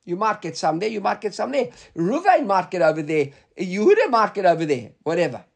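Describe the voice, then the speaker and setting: High-voiced man teaching a Talmud class. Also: big pitch swings, brisk, vocal fry. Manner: reads Hebrew and Aramaic text aloud then explains in English.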